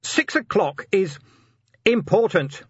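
A man voicing a gruff, harried male city watch commander who gives curt orders. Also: high-pitched, sing-song, slow, a bit bright, no echo, dull audio, pitched above the performer's own voice, heavily acted.

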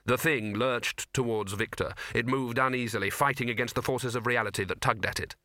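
A man's voice: mid-range voice, fairly even intonation, fairly quick, bright, forceful tone, no echo. A man reading a comic fantasy novel aloud as an audiobook narrator, in a dry, storytelling manner. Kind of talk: scripted narration.

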